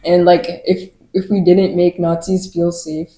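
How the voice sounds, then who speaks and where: A woman co-hosts a podcast, offhand and easygoing. Her voice is warm and mellow, with the echo of a bare room around it. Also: lowish voice, little pitch movement, measured pace. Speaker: podcast co-host. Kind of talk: casual chat.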